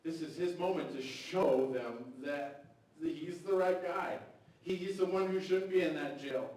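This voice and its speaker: A man gives a casual, conversational sermon, slipping into playful voices for the people in his story. His voice sits a little high for a man. The sound is distant and heavily echoing, like a church hall caught from the back. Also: a little slow, a little mellow. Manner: casual, conversational preaching with acted-out quotes. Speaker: pastor. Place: church sanctuary. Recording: very echoey hall, mic far off.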